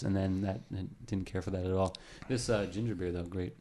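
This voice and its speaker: A man's voice: low-pitched, fairly even intonation, fast talker, darkish tone. A man co-hosting a casual beer podcast, telling stories and cracking dry jokes. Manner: chatty storyteller, dry jokes. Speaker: podcast co-host.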